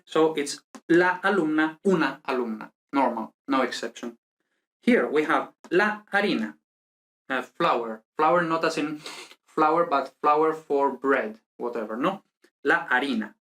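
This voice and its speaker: A teacher giving a beginner language lesson, who often checks in with "okay?" and "no?" and repeats words slowly for pronunciation. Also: mid-range voice, fairly bright tone. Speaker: Spanish teacher.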